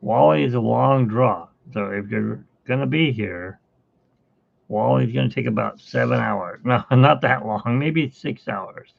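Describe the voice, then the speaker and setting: Slow gravelly-voiced man chatting while drawing. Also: mid-range voice, dry recording. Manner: rambling, chatty, with fillers and asides. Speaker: artist hosting a live art stream. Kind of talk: casual chat while drawing. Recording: tinny phone-like sound.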